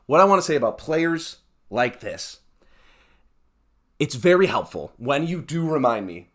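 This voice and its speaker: Heated man ranting with wild pitch swings. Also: very animated, measured pace, pauses often, a bit bright. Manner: heated, exasperated ranting with sarcastic asides. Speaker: podcast host. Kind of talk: ranting solo podcast.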